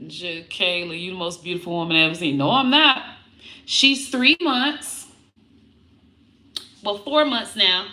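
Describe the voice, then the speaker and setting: Woman vlogger, casual chat, bright lively voice, slow and drawn out, roomy echo. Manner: animated, slips into high baby talk to her dog. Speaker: comedian vlogger talking about her puppy.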